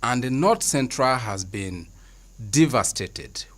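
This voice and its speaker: A Nigerian man speaking as a studio panelist, making his points in a measured, deliberate way. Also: mid-range voice, expressive. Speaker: panelist, journalist.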